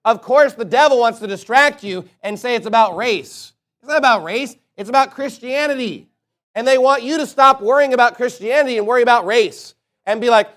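Angry preacher guy, high voice, keeps hammering questions at the crowd. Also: fairly quick, fairly bright tone. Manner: fiery, combative preaching with repeated rhetorical questions. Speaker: pastor. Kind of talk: sermon.

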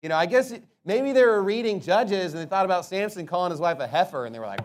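Male preacher, high voice, emphatic sermon delivery with rhetorical questions. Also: big pitch swings. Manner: emphatic, rhetorical questions, slows to stress words.

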